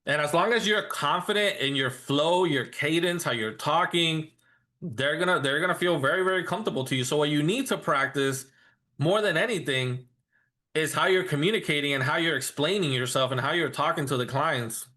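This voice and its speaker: A man's voice: on the high side, normal speed, pushed and bright. Casual man coaching real estate agents. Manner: casual, repetitive restarts, acts out client talk. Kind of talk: training session for agents.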